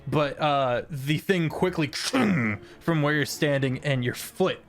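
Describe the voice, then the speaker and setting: A man's voice: fairly high pitch, slow. A man running a tabletop game as game master, narrating with many fillers, restarts and laughs.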